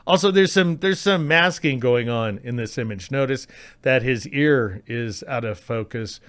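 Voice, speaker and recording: A man hosting a screen-recorded software tutorial, chatty and wry, with playful asides while he clicks through settings on a close mic. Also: medium pitch, measured pace, clear, resonant tone.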